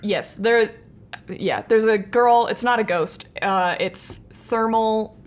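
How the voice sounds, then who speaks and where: A woman's voice: fairly high pitch, slow pace. A young woman co-hosting a podcast, telling a long, rambling story in casual chat and often laughing at herself. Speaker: podcast co-host.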